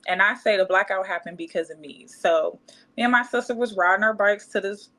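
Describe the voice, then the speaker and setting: A woman's voice: medium pitch, fairly even intonation, brisk, fairly bright tone. A woman, candidly telling a personal story in casual podcast chat and acting out other people's voices. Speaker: podcast co-host.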